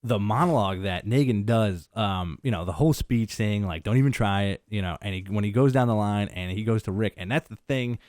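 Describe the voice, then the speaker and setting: A man's voice: lowish voice, a little fast, few pauses, darkish tone, no room sound, clean studio sound. A man co-hosting a comic book podcast in a laid-back casual chat, often chiming in with short agreements. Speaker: comic show co-host.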